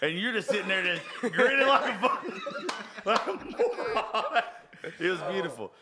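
A man's voice: high voice, lively intonation, normal speed, a loud crowd. A man hosting a casual chat, joking, teasing and swearing freely. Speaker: host.

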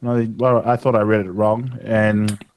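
A man's voice: lowish voice, flat delivery, moderate pace, darkish tone. A young Australian man co-hosting a podcast, telling a rambling, laughing anecdote in casual chat. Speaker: podcast co-host.

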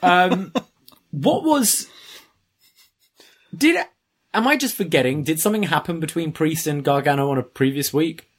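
A man's voice: fairly high pitch, expressive, a little slow, long pauses, slightly rough. Man explaining things wryly. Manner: explains slang carefully, wry. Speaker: podcast co-host. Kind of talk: casual chat.

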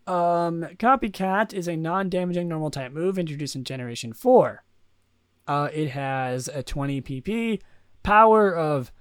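A man's voice: high-pitched, dry recording, clean studio sound. A young man hosting a casual solo podcast, rambling with many fillers and restarts. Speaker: podcast host.

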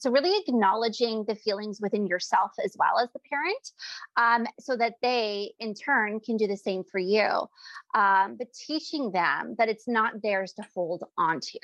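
A woman's voice: medium pitch, normal speed, fairly bright tone, no room sound. A woman talks in an easy, conversational way. She keeps breaking into short acted-out exchanges. The recording is dry and a little dull, as if picked up on a modest mic. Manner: chatty, acts out little dialogues. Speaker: podcast co-host. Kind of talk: casual conversation about parenting.

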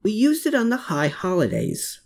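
A narrator voicing a determined, obsessed man searching a cellar, pitched above their own voice and growing urgent. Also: big pitch swings, normal speed, a little mellow.

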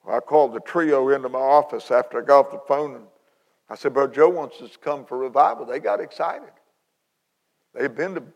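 A man, an evangelist telling a story in a sermon, folksy and animated with many restarts, in a large church hall. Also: mid-range voice, vocal fry. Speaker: evangelist preacher.

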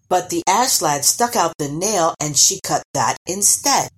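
A woman narrating a storybook aloud in an expressive, unhurried way. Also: fairly low pitch.

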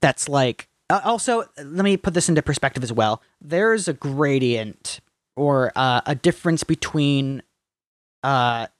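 A man's voice: medium pitch, expressive, a little slow, dry recording, clean studio sound. A man co-hosting a podcast, chatting casually in a blunt, profane and enthusiastic way. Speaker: podcast co-host. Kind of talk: casual chat.

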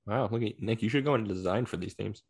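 Very deep, gravelly man. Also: fast talker, a little mellow. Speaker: podcast co-host. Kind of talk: casual chat.

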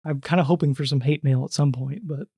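A man hosting a casual podcast, joking quickly and a little out of breath, recording in a small booth. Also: fairly high pitch, dark tone, husky, no room sound, studio quality. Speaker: podcast host.

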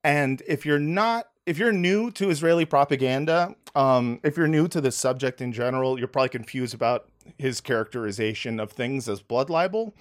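A man's voice: mid-range voice, lively intonation, moderate pace, hardly any pauses. A man hosting a comedy podcast, talking in a sarcastic, rambling way with many fillers. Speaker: podcast host. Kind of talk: casual comedic podcast chat.

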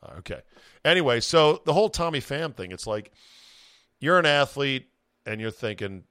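A man's voice: mid-range voice, animated, brisk, fairly bright tone, smooth, no echo, clean studio sound. A man hosting a podcast, chatting about sports in a profane, opinionated way and acting out what players might say. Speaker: podcast host. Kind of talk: casual sports chat.

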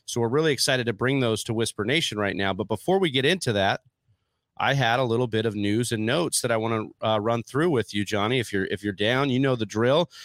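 A man's voice: medium pitch, a bit bright, no room sound. Upbeat man hosting a podcast, dry sound. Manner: upbeat, chatty, hype-building. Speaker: podcast co-host. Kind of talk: casual fantasy football podcast talk.

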